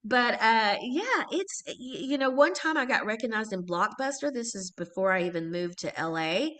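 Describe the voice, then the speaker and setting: A middle-aged woman from Texas with a high, bright, ringing voice chats as an interview guest. She tells her stories with animation and laughs often, slipping into the voices of the people she quotes. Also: animated, moderate pace. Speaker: guest actress. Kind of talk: casual interview chat.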